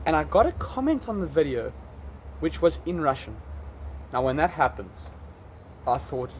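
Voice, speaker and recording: Out on a city street, a South African vlogger talks to his camera in an animated, fairly quick voice on the high side. He's chatty, rambles, and keeps correcting himself, with slight background noise behind him.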